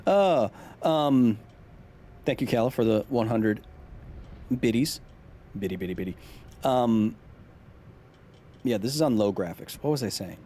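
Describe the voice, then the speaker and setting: A man's voice: mid-range voice, expressive, a little slow, long pauses, slight background noise. A man in his thirties hosting a live gaming stream. He chats, explains science and reads out viewer messages. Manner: chatty, explains science, reads chat aloud; jumpy, yells when startled.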